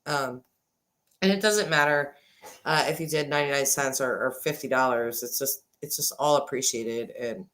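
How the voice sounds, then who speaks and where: A woman's voice: very deep voice, normal speed. A woman in her forties hosting a casual livestream chat, thanking viewers and talking at a desk microphone. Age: 40s. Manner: chatty, thanking viewers, swings between excited and subdued. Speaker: livestream host. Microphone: desk microphone, sometimes glitchy.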